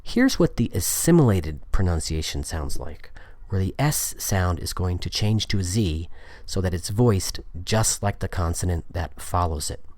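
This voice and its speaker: A man's voice: deep voice, expressive, a little slow, a little mellow, dry recording. A man giving a podcast lesson on Spanish pronunciation, explaining step by step and repeating example words. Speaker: Spanish teacher.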